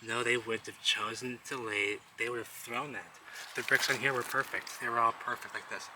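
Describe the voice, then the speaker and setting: A man vlogging outdoors among rubble, rambling excitedly and talking straight to his viewers as he points things out. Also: mid-range voice, normal speed. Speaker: vlogger exploring ruins. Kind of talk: casual walk-and-talk commentary. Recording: loud outdoor traffic noise.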